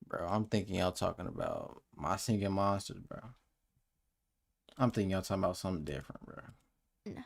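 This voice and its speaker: A man's voice: sits low, big pitch swings, normal speed, vocal fry, long pauses. A man reacting on a live stream, joking and talking to his chat in casual slang. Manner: joking, talks to chat with "bro".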